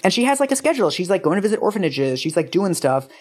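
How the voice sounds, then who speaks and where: Woman podcast co-host, low voice, chatty storyteller, animated, thirties. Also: racing, husky. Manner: chatty, animated, frequent "like" fillers. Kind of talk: casual chat, storytelling.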